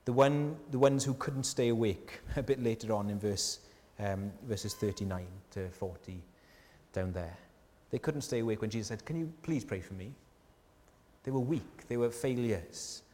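A man preaching a sermon in a church, earnest and conversational, often asking the listeners rhetorical questions and dropping softly on key lines. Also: lowish voice, fairly even intonation, moderate pace. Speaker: pastor. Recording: long hall reverb from a church.

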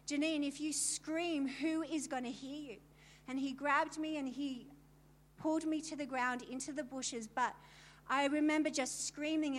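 A middle-aged woman with a high voice shares her testimony with a gathering of women. She tells it in vivid detail and turns to the listeners with emphatic asides. A faint hiss sits under her voice. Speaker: speaker telling her story to a women's gathering. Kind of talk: personal testimony talk.

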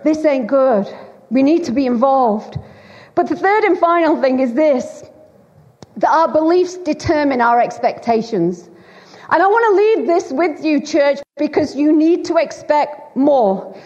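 Woman, sermon, emphatic, repeats lines, high voice, long hall reverb, dull recording. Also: expressive, measured pace, a little mellow. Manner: emphatic, repeats phrases for effect. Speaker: preacher. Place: church hall.

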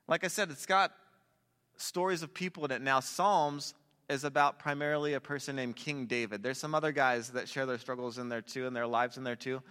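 A man preaching a sermon in a relaxed, conversational way, with jokey asides to a young audience. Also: on the high side. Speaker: pastor. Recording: long hall reverb.

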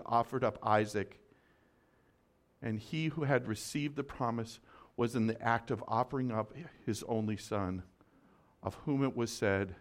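Brief: male preacher of middle pitch telling a story from the pulpit, intense and dynamic, dropping to a hush. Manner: dramatic, swings from loud urgency to soft hush. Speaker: pastor. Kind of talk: sermon storytelling.

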